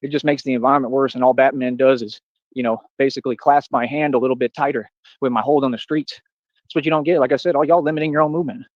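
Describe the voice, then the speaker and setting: A man's voice: medium pitch, steady tone, fast, no echo, highs cut off. A man giving a boastful, confrontational livestream rant, full of challenges to his critics. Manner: boastful, confrontational, repeats "what are you talking about". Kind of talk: ranting livestream monologue.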